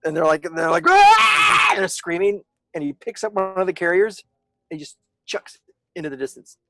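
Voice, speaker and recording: A man narrating as game master of a tabletop game, often pausing and restarting as he searches for words. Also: a little high, fairly bright tone.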